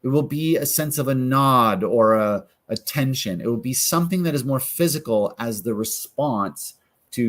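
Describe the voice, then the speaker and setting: Man, coach, calm guided self-help talk, mid pitch, acts out inner questions. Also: moderate pace.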